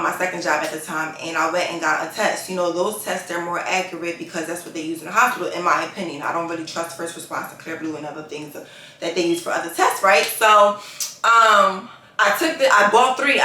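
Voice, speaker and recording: A woman vlogger telling her story in a chatty, animated way, with slangy asides. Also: on the low side, fairly quick. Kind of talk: casual storytelling vlog. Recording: echoey room.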